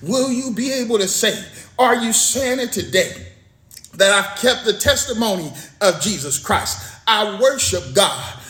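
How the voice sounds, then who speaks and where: Fervent high-voiced man preaching. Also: fairly bright tone, echoey room. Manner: fervent and repetitive, with spoken praise interjections. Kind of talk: sermon.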